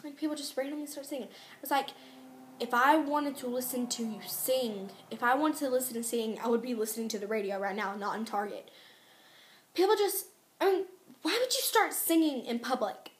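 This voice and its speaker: A teenage girl vlogging in a casual, exasperated rant, chatty and quick to complain. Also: high voice, expressive. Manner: ranting, exasperated, fast and chatty. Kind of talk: casual chat to camera. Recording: echoey room.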